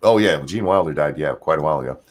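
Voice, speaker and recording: A man hosting a livestream chat, reading viewer comments aloud and swinging between loud jokes and mumbled asides. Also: very deep voice, animated, quick pace. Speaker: livestream show host.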